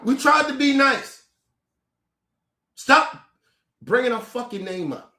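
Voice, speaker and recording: A man with a strikingly high voice rants angrily to the camera, profane and confrontational, tripping over and repeating his own words. The sound bounces around an echoey room. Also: animated, moderate pace, pushed and bright. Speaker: commentator. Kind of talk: angry profane rant to camera.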